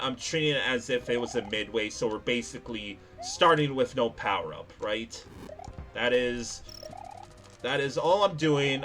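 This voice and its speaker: A young man commenting live on a game he is playing for his chat, excitable and quick to laugh and yelp. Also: medium pitch. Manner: excitable, laughs and yelps often. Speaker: gaming streamer.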